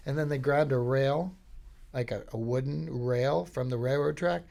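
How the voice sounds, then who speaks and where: A man's voice: medium pitch, normal speed, gravelly, a little mellow. A man from Florida hosting a podcast, telling rambling, jokey stories in a casual comedic monologue. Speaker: podcast host.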